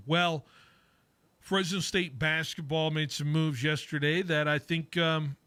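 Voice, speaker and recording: A male sports radio host with a bright, fairly high voice, talking in a loose, rambling way full of fillers and restarts. He jokes with his co-host, and the dry studio sound keeps his voice close and clear. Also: no echo. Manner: rambling, lots of fillers and self-corrections. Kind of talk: casual sports talk radio.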